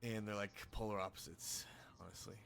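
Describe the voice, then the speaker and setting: A man's voice: fairly low pitch, fairly even intonation, moderate pace, gravelly, fairly bright tone, a little hiss or hum. A male streamer chatting casually with viewers, laid-back and rambling, with frequent swearing.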